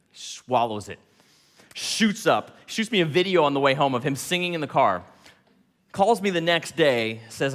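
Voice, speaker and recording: Animated man telling stories in a hall. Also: medium pitch, moderate pace. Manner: animated, laughing between lines, quotes people in dialogue. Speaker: speaker. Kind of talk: storytelling talk.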